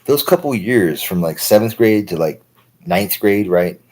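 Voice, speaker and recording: Guy in his 30s rambling and swearing on stream, deep husky voice. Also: lively intonation, normal speed, darkish tone, poor audio. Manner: profane, rambling, heavy use of filler words. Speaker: livestream host. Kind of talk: rambling monologue.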